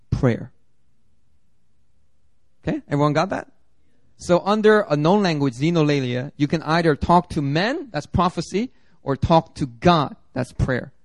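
Animated man preaching a sermon. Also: a little high, dry recording. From Philadelphia area. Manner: animated, jokey storytelling with mimicked voices. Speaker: pastor.

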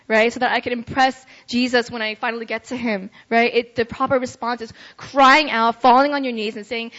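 A young adult woman preaching a casual sermon, chatty and conversational, often checking in with her listeners with a quick "right?". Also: fairly high pitch, flat delivery, fairly bright tone. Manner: chatty, ends phrases with "right?". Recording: dull lo-fi recording.

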